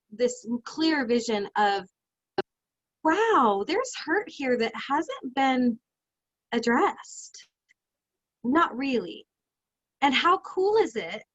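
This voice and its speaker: A fairly high-voiced woman leads a coaching session over a video call. She gets animated and emotional and laughs easily. The call audio is dry and a little dull. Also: no echo. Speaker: life coach.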